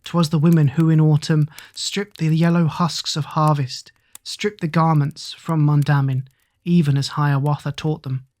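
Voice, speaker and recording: A narrator reading an epic poem aloud as a bedtime sleep story, in a measured, rhythmic recitation. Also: mid-range voice, flat delivery, a little mellow.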